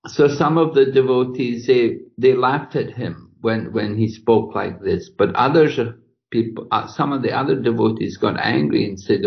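A man giving a scripture lecture in a storytelling way, halting and repeating his words with many "you know"s. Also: mid-range voice, creaky. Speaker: scripture class speaker. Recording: lo-fi lecture recording.

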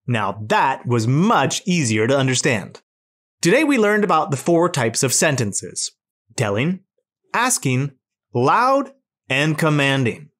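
A teacher narrates a children's lesson, speaking slowly and clearly. The voice swoops up and down with bouncy, animated intonation. The tone is encouraging and is pitched to keep young kids listening.

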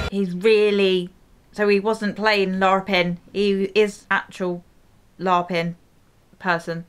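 A woman's voice: mid-range voice, little pitch movement, takes it slowly, music in the background. A woman hosting a reaction video, chatting casually, full of exclamations and frequent laughter.

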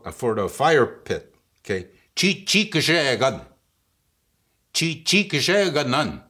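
A man's voice: mid-range voice, bright, forceful tone, breathy edge. A man giving a casual vocabulary lesson, patient and chuckling often, checking in with the listener after each word. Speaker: language teacher.

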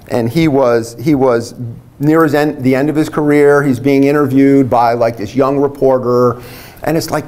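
Man, 60s, biology instructor, relaxed chatty lecture, frequent fillers, middle pitch. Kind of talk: retirement lecture with anecdotes.

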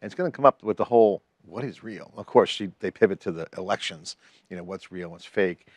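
A man's voice: sits low, brisk, no echo. A man co-hosting a podcast, talking in a rambling, chatty way and restarting phrases. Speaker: podcast co-host. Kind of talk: casual tech chat.

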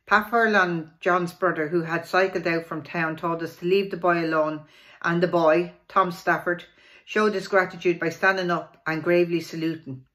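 A woman reading a local history memoir aloud in a plain, steady way, with small slips and restarts. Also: fairly low pitch, moderate pace.

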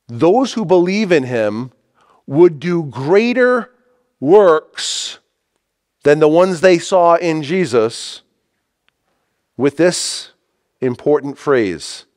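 Guy preaching a sermon, slow and deliberate, leans hard on the big lines. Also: a little high, darkish tone. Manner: emphatic preaching with rising stressed phrases; reads scripture aloud with slow stress. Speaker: pastor.

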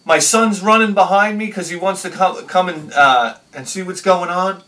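Excitable male vlogger telling a story, bursts loud then drops quiet, slightly raised pitch, miked from a distance. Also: normal speed. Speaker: video host. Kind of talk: animated personal storytelling.

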